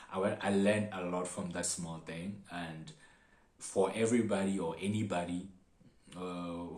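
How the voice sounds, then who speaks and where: A young man from Africa telling a personal story in a casual, animated way, acting out what others said. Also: low voice. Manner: animated, acts out other people's lines with laughs. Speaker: vlogger. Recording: roomy echo.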